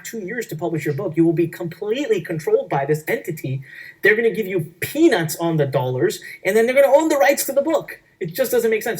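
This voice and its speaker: A man presenting a workshop, giving an energetic sales pitch in an emphatic, repetitive way. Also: husky, far from the mic, rough recording. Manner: emphatic, repetitive, acts out quoted voices.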